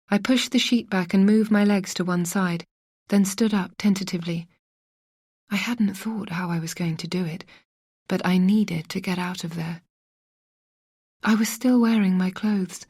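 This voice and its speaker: A woman's voice: mid-range voice, a little mellow, slightly rough, no room sound, studio quality. A woman narrating a first-person suspense audiobook, raising her voice into urgent, anxious tones for the dialogue.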